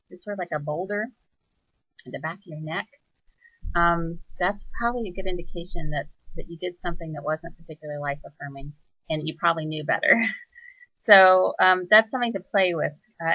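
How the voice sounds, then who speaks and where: A woman hosting a reflective spoken monologue, soft-spoken and searching, pausing often with fillers as she thinks aloud. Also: lowish voice, dry recording, muffled recording. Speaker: spiritual teacher.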